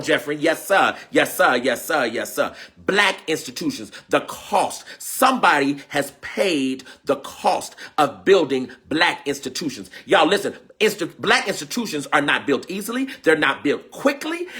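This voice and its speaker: Fervent preacher man, bright lively voice. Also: on the high side. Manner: fervent and emotional, repeating phrases and crying out; greets viewers by name. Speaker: preacher and teacher hosting a livestream. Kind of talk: call-and-response livestream sermon.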